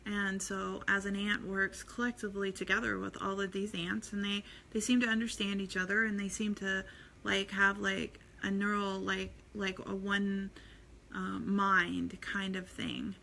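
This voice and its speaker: A woman's voice: mid-range voice, little pitch movement, a little slow, vocal fry, sharp tone, a little hiss or hum. A middle-aged woman giving a casual, rambling, earnest inspirational talk as a spiritual vlogger. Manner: rambling, many fillers and restarts, earnest.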